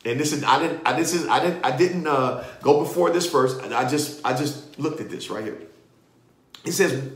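A man hosting a live ministry broadcast and leading prayer, excitable, often repeating himself and laughing. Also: mid-range voice, moderate pace, reverberant. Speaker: ministry host.

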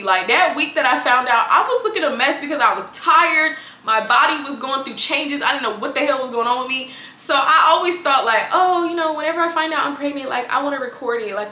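Young woman vlogging, chatty storytelling, kinda high voice, roomy echo. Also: bright, forceful tone. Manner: chatty, addresses viewers as girl and y'all. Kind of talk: casual storytelling to camera.

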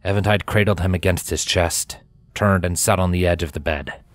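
A man reading a fanfiction story aloud in an expressive storytelling manner. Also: low voice, moderate pace, dry recording. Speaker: fanfiction reader. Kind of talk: audiobook narration.

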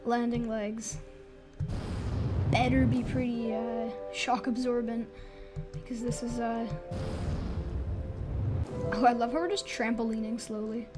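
High-voiced chatty woman commenting on gameplay. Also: measured pace, long pauses. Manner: chatty, excitable, rambling. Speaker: gaming YouTuber. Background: background music.

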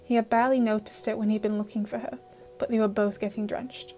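A woman narrating an audio fan-fiction story with steady, emotive storytelling. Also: mid-range voice, quick pace, soft background music.

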